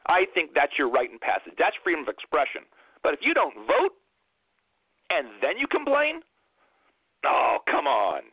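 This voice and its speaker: A man's voice: a little high, huge pitch swings, normal speed, husky, no room sound. A man hosting a political talk radio show, lecturing emphatically and repeating phrases for impact. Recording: narrow phone-like dry sound.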